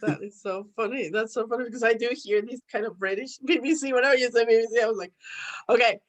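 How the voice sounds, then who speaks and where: A woman's voice: fairly high pitch, fast talker, poor audio. Bubbly woman hosting a podcast. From Mexico. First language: Spanish. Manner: bubbly, chatty, giggly. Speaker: podcast host. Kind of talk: casual interview chat.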